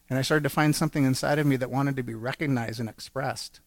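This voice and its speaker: Man, gravelly, earnest church testimony, storytelling, dry recording. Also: mid-range voice, steady tone, fast, hardly any pauses, no room sound. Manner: earnest, storytelling with acted-out quotes. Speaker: church speaker. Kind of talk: personal testimony sermon.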